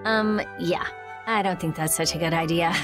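An actress voicing a prickly young mage scholar in a video game, blunt and impatient. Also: female voice, on the low side, normal speed, natural voice. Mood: irritated. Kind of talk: game voice acting. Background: loud game music.

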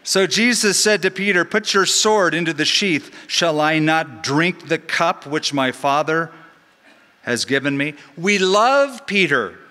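In a large church sanctuary, a middle-aged pastor gives a sermon at a measured pace. His ringing, bright voice sits a bit above the typical male pitch, and his animated teaching includes joking asides. The hall's size gives everything a long, lingering reverb.

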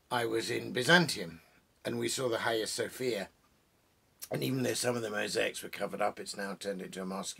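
A man's voice: lowish voice, vocal fry, sharp tone, slightly rough. A man hosting a casual, rambling talk about poetry at home among his bookshelves, with many fillers and restarts. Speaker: poet and host.

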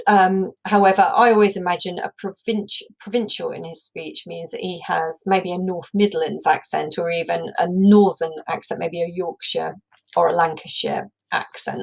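A woman with a fairly low, gravelly voice teaches a recorded English lesson, patiently explaining the characters and working through her ideas aloud for students. The audio is poor.

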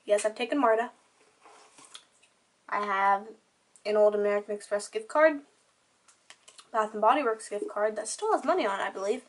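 With crying kids in the background, the teen girl vlogger chats about her stuff in a loose show-and-tell, filling her speech with "like." Her voice sits in the mid range, moving at a normal speed with long pauses.

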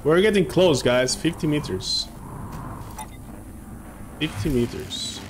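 A young man streaming a game live, chatting excitedly with his viewers and reacting as he plays. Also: fairly high pitch, slow, noisy background. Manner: excitable, chatty, talks to chat. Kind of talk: casual live game commentary.

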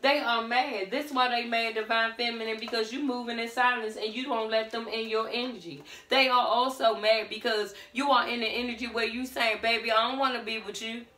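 A woman gives a casual tarot reading in a sassy, blunt way, full of pet names for the listener. Her voice is bright and fairly high. She sits a little away from the mic in a roomy, echoey space. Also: steady tone, normal speed, few pauses, recorded from a distance. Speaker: tarot reader.

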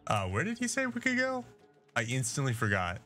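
A man's voice: mid-range voice, wildly swooping pitch, a little fast, pushed and bright, soft background music. A man giving casual, jokey, self-deprecating commentary while playing a video game. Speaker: gameplay streamer. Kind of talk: casual let's-play commentary.

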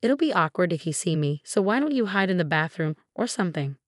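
An arrogant younger sister taunts her sibling in a storybook reading, done by a woman narrator. The voice sits low and close, with no room sound, and every line is delivered with smug mockery. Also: very animated, fairly quick, no room sound.

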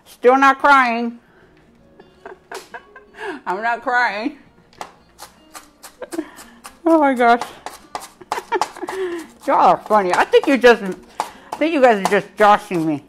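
A woman's voice: a little high, very animated, extremely slow, long pauses, faint music behind. Giggly woman chatting while cooking. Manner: giggly, chatty, talks to viewers. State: talking with bread in mouth. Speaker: cooking show host. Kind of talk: casual live cooking demo.

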